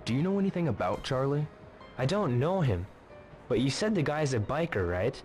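Actor playing a gruff, curious game guy; plain voice with a lively, shifting pitch. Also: normal speed, soft background music, lightly acted. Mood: inquiring. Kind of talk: video game dialogue.

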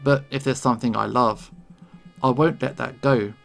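A man's voice: medium pitch, fairly even intonation, normal speed, vocal fry, faint music behind, natural voice. A man reading out the lines of a stubborn, greedy male café owner in a game, earnest and defiant. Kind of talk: reading game dialogue aloud.

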